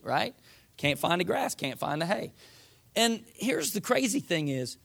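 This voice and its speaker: A man preaching in a relaxed, homespun way, mixing scripture reading with plain talk and little voiced asides. His voice is gravelly and sits a bit high for a man. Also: slow. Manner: folksy, uses voiced asides for the people. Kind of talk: sermon.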